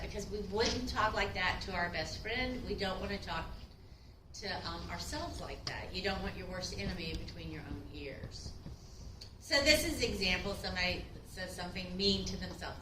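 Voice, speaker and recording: A woman's voice: medium pitch, roomy sound, far from the mic, noisy background. A woman instructor giving a casual classroom lecture, chatty and acting out short quotes.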